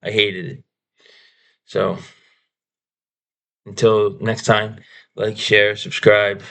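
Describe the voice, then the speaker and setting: A man's voice: on the low side, flat delivery, very slow, gravelly, fairly bright tone. A man ranting through a casual movie review, exasperated and repeating himself, often stammering.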